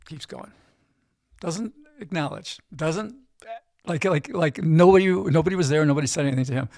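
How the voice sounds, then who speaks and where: Telling a lively story as an interview guest, this middle-aged gambling expert keeps ending lines with "right?" in casual chat. His voice is fairly high, his pace moderate, and the recording dry.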